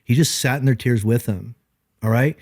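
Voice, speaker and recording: A man's voice: mid-range voice, moderate pace, dry recording. A middle-aged man, a pastor, talking earnestly in a podcast conversation and acting out the quoted lines of the people in his stories. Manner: earnest, animated, acts out quoted dialogue.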